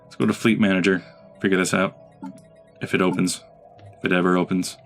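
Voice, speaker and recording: Man, let's play host, chatty commentary, talks to his ships, low voice, game music under. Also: level tone, a little fast, gravelly, a bit bright. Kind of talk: casual gameplay commentary.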